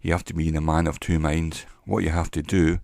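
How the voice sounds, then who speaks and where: Very deep, gravelly man. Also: little pitch movement, darkish tone, no echo, clean studio sound. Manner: slow, deliberate, wry storytelling with pauses. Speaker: vlogger; former salesman. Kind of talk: casual monologue to camera. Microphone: cheap microphone.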